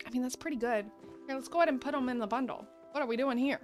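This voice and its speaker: A woman's voice: high voice, rapid-fire, faint music behind. A woman chatting casually through a game stream, rambling, laughing often and talking to her viewers. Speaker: gaming streamer. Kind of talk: casual gameplay commentary.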